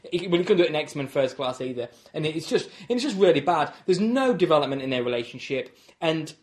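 A man co-hosting a casual film review chat, blunt and sweary, quick to mock the others. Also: on the high side, big pitch swings. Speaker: podcast co-host.

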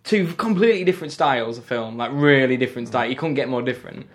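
A man co-hosting a casual film podcast, animated and mocking, swearing often. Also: mid-range voice, quick pace. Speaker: podcast co-host. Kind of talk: casual chat.

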